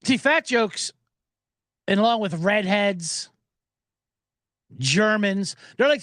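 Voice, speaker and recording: A man's voice: sits high, a bit bright, dry recording, clean studio sound. A man hosting a sports betting podcast, riffing sarcastically and profanely while reading viewer comments aloud.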